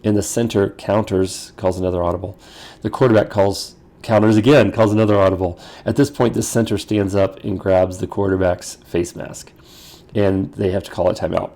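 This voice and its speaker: Male pastor coaching ministers, dark gravelly tone, casual teaching delivery. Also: deep voice, steady tone, normal speed. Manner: conversational, acts out quoted dialogue; restarts and repeats phrases.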